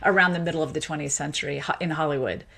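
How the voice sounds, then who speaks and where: A woman's voice: deep voice, vocal fry. Woman sociolinguist explaining on radio. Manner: lively explaining, quick asides. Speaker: sociolinguist guest. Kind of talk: radio interview.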